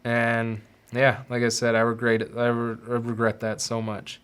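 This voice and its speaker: A male podcast host talking through his past in a confessional monologue. He pauses and restarts often, and he doubles words as he gathers his thoughts. His voice sits at an ordinary male pitch. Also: monotone, a bit bright, smooth. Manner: halting, repeats words while searching for them.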